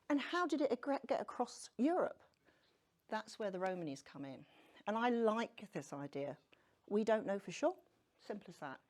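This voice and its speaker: A woman lectures a live audience in a loose, conversational way, teasing herself and throwing questions out to the room. Her pitch swings widely as she talks. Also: a little mellow. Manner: chatty and self-deprecating, asks the audience questions. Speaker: tarot speaker giving a public talk.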